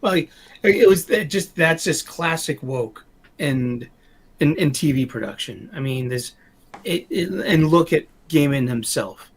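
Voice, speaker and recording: Husky-voiced man rambling on a podcast. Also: on the high side, animated, measured pace. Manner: rambling, stumbles and repeats words. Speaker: podcast host. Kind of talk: casual chat.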